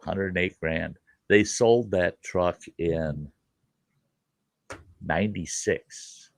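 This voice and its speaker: Very slowly, in a low voice with vocal fry, a middle-aged host tells a rambling childhood story, folksy and casual with fillers like "you know."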